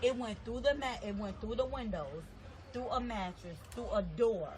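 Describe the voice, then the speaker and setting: A woman's voice: fairly high pitch, normal speed, a crowd in the background. A woman telling what happened near her home, repeating details emphatically in a casual way. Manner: repetitive, emphatic retelling. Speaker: local resident. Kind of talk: casual outdoor account.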